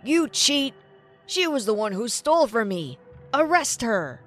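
A woman voicing a furious male pawn shop owner who shouts loud accusations in a story reading. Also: sits high, big pitch swings, unhurried, soft background music. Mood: accusing.

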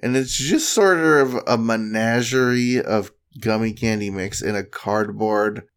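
A man's voice: fairly low pitch, unhurried, clean tone. A man co-hosting a podcast, chatting casually and reading product reviews aloud in a wry, mock-earnest way. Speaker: podcast co-host.

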